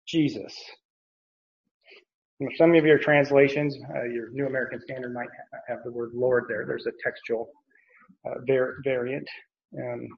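A man teaches through a bible passage in an easygoing, conversational way, his voice sitting at an ordinary middle pitch. He fills his sentences with ums and light chuckles as he explains. The recording sounds a little muffled and lo-fi. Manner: conversational, many fillers, chuckles often.

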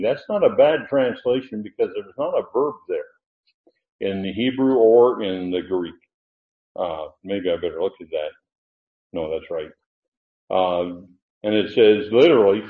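A man's voice: lowish voice, animated, a little slow. A man teaching scripture to a congregation, chatty and thinking aloud, stumbling over restarts and fillers. His voice comes through thin and phone-like, with an echo from the large room around him. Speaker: Bible teacher. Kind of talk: verse-by-verse Bible teaching. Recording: echoey room, phone-like narrow sound.

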